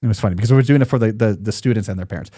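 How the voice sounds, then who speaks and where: A man's voice: lowish voice, very fast, dark tone, dry recording, studio quality. A man in his forties hosting a podcast in casual chat, rambling and joking, with lots of fillers and restarts. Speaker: podcast host.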